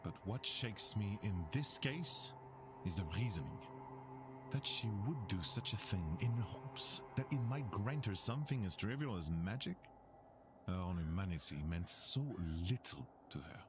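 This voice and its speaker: A grave, world-weary doctor. He speaks in a measured, somber way. Clear game music runs behind him. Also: deep voice, animated. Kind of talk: voiced game dialogue.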